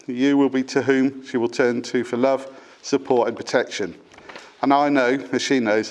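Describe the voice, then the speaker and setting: A middle-aged man delivers a father-of-the-bride speech at a wedding reception. His mid-pitched voice sounds affectionate and gently humorous as he reads from his notes, with occasional small stumbles.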